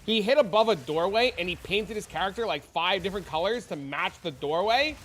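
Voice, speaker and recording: On a game stream, a man who is a father of young kids swears freely and tells stories with animation in casual chat. He sounds high, animated and fairly quick, with a fairly bright tone and a little hiss or hum in the background.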